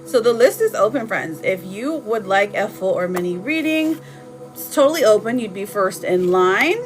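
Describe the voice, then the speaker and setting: A woman giving casual tarot readings on a live stream, chatting warmly with viewers and laughing often. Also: mid-range voice, lively intonation, normal speed, music in the background, rough recording.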